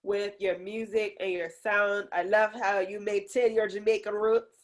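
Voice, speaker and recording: A woman's voice: medium pitch, little pitch movement, measured pace. A woman co-hosting a podcast interview over a video call, bubbly and teasing, with a sing-song way of opening the show. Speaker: co-host.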